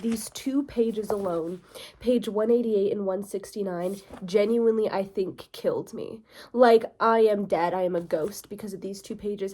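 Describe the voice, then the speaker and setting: A woman's voice: medium pitch, normal speed, mellow. A young woman chatting casually about a book she loves, gushing and dramatic, often breaking into laughter and reading quotes aloud. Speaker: book vlogger. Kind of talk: casual book review chat.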